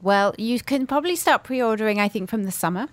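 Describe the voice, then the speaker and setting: A woman novelist talking about her books in a relaxed radio chat, with frequent ums. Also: on the high side, a little fast, no echo. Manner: chatty, many ums, thoughtful. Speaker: author guest. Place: Dubai.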